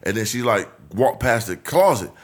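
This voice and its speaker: A man's voice: medium pitch, animated, normal speed. A young man telling a story in casual, profane chat, acting out other people's voices and laughing often.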